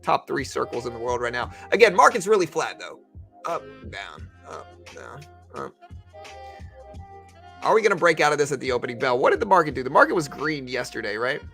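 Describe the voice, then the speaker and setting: Gravelly-voiced man streaming trades. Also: mid-range voice, very animated, fast talker, few pauses, fairly bright tone, soft background music. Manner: rambling, conversational, full of fillers. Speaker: live trading streamer. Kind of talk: casual live-stream commentary.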